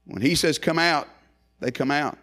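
A man gives a sermon at a moderate pace, moving between loud, climbing calls and hushed, low phrasing while repeating lines in a building cadence.

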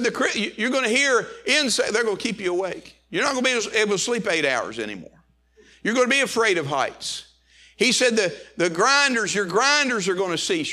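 A middle-aged man preaches with fervor, his voice pitched high and ringing bright. He stumbles over and repeats words as he presses his points, building to raised passages before dropping back. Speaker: pastor. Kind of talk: sermon.

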